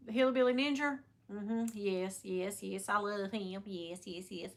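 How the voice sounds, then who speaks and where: A middle-aged woman hosting a livestream, chatting casually and telling lively stories, laughing often and mimicking the people she talks about. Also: medium pitch, measured pace, hardly any pauses. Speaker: livestream host. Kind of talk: casual chat to viewers.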